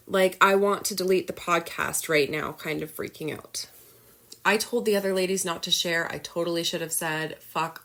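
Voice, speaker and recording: A woman's voice: fairly low pitch, fairly bright tone. A woman podcast host candidly retelling a personal story in an emotional monologue, with many fillers.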